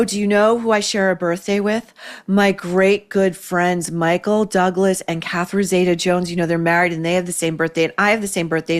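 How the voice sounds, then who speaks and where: A woman doing an impression of a vain, name-dropping older woman TV interviewer, with a slow, affected, boastful drawl. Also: lowish voice, lightly acted.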